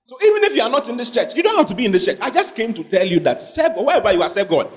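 A man preaching a lively sermon as pastor to a congregation, acting out scenes and questioning listeners directly. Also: very high-pitched, racing. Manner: animated preaching, acting out God in a dramatic skit. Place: church hall with congregation.

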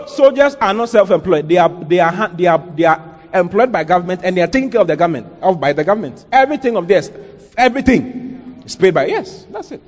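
A man's voice: high-pitched, expressive, brisk, in a large hall. A man preaching a sermon as pastor, emphatic and full of rhetorical questions and sudden "Hey!" interjections.

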